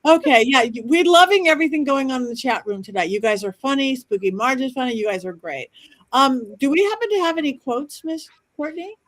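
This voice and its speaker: A woman's voice: high voice, expressive, a little fast. A woman hosting a casual panel podcast, upbeat as she thanks the live chat and hands the floor to a guest. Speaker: podcast host.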